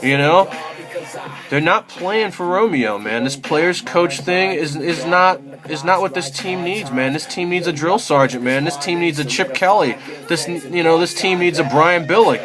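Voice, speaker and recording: A man's voice: on the high side, normal speed, over music. A man giving a casual, rambling rant as a football fan, exasperated and swearing, with lots of fillers like "you know" and "man".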